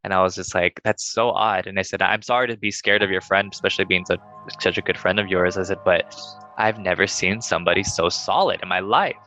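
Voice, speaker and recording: A young man casually telling a ghost story on a podcast, acting out quoted lines in a higher voice. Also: a little fast, soft background music, low-quality recording. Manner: animated, acts out quoted dialogue in a higher voice.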